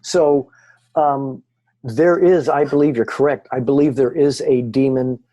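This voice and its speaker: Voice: mid-range voice, measured pace, no echo. A guest on an interview show telling first-hand haunting stories, acting out the voices of the people and the recordings. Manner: animated, acts out quoted voices, frequent restarts. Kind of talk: conversational storytelling interview.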